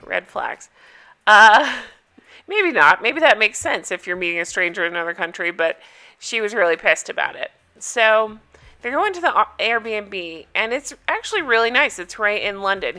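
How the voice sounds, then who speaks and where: A woman's voice: medium pitch, bright, forceful tone. A woman chatting casually with viewers as she recaps a reality show, amused and talkative.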